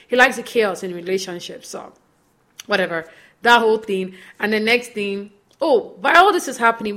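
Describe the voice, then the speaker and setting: A young woman hosting a podcast, casually recapping a reality show and acting out what the cast said in lively quoted voices. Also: medium pitch. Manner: chatty, animated retelling with quoted voices. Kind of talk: casual chat.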